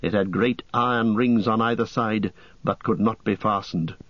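A man reading an audiobook in a steady, measured narration. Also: on the low side, dry recording. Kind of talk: scripted narration. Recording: dull lo-fi cassette.

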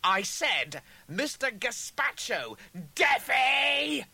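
A spiteful, sneering male duplicate, screeching in a very high, strained register. Every line comes out as a loud, nasty shout, bright and sharp at the edges. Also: big pitch swings, extremely slow, creaky, slightly rough, no echo, exaggerated voice.

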